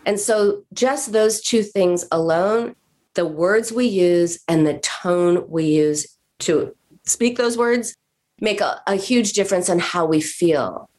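A woman therapist speaks on a podcast in a lowish voice. She explains patiently and slips into little acted quotes of patients' self-talk. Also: slow, a little mellow. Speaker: therapist guest. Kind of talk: podcast conversation.

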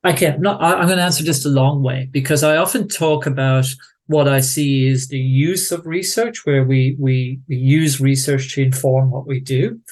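A man with an Irish accent, a research guest on a podcast, who talks haltingly and repeats words as he thinks. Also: medium pitch, steady tone, a little mellow. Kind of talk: conversational interview.

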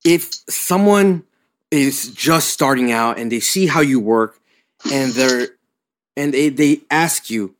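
A man's voice: mid-range voice, takes it slowly, a bit bright. A man hosting a live audio chat, encouraging his guest and putting questions to him. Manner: encouraging, asks questions with some restarts. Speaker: host. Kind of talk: casual interview chat.

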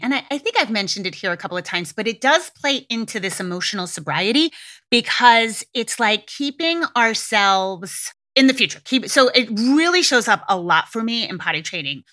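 A woman's voice: medium pitch, expressive, normal speed, bright, forceful tone. A middle-aged woman hosting a parenting podcast, talking candidly and swearing freely in a casual monologue.

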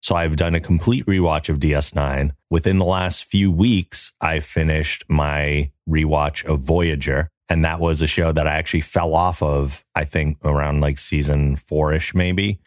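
A man with an extremely low, deep radio voice chats casually as a podcast co-host. He sounds relaxed and enthusiastic, recorded close and dry with no room sound. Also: a little slow, few pauses, no echo. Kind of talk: casual chat.

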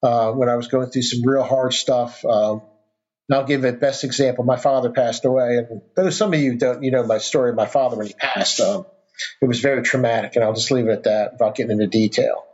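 A man's voice: medium pitch, steady tone, a little fast, a little mellow. A middle-aged man, a podcast guest, telling a personal story in casual conversation, earnest and rambling with restarts. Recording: dull lo-fi sound.

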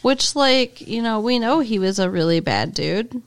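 A woman co-hosting a podcast, chatting casually and laughing often. Her pitch swings widely and sounds animated. She pushes back on her co-host in a playful way. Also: unhurried. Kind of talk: casual chat.

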